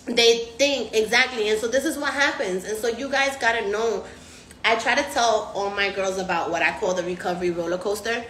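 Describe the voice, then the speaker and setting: A woman's voice: mid-range voice, a little fast, roomy sound, a little hiss or hum. A woman hosting a casual live stream, slangy and profane, acting out other people's voices as she talks. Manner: animated, acts out patients' voices. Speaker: recovery house host.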